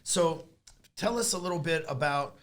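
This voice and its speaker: A man's voice: fairly high pitch, animated, moderate pace, a bit bright. A man hosting a casual interview, blunt and conversational, swearing freely. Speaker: host.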